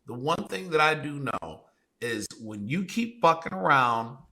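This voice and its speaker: A man co-hosting a podcast delivers heated commentary in a blunt, profane manner. He keeps firing rhetorical questions. His voice is bright and forward. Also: a little high, very animated, unhurried, vocal fry, rough recording. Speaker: podcast co-host.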